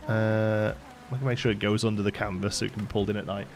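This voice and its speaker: A man from England, his accent lightly tinged with Liverpool, hosts a live stream, chatting casually and digressively while building in a game and laughing often. His voice is fairly low, his delivery flat and fast, with faint music in the background.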